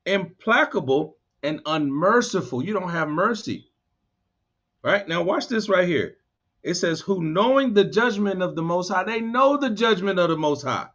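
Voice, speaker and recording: Male bible study teacher, animated and higher-pitched, muffled lo-fi recording. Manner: reads verses slowly, then riffs in animated street talk. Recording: dull lo-fi sound.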